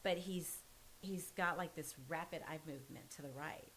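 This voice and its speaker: Brief: forthright woman in her forties, low-ish voice, candid and a bit pushy, guest on a chat podcast. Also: normal speed, a bit bright, a little hiss or hum, low-quality recording. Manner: earnest and forthright, self-described pushy. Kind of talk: candid storytelling in casual conversation.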